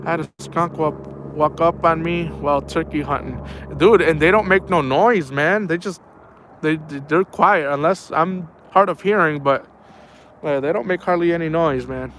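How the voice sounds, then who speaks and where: Background noise accompanies a fairly high-pitched man speaking at a moderate pace as he live streams night fishing by the water. An outdoors streamer, he chats casually, drifting through stories and peppering them with "man" and "bro."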